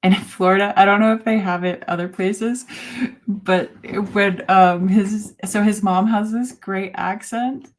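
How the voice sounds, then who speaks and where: A woman in her forties hosting a casual live chat, talking in a halting way with many fillers and soft laughs. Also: medium pitch, steady tone. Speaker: host.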